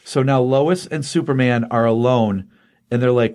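In a relaxed chat he's hosting, a middle-aged man excitedly walks through a comic book tale, rambling and dropping many fillers. His voice is mid-range, delivered at a moderate pace.

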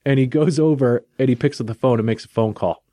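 A man's voice: mid-range voice, fast talker, dark tone, dry recording. Jokey man recapping a story, dry sound. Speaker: podcast host reviewing a comic. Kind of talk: casual chat recapping a story.

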